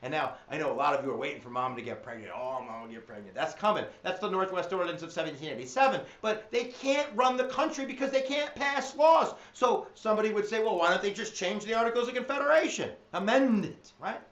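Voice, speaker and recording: A man teaching history in an energetic, jokey exam review lecture, slipping into silly voices. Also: high voice, quick pace, hardly any pauses. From United States. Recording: echoey room, dull lo-fi sound.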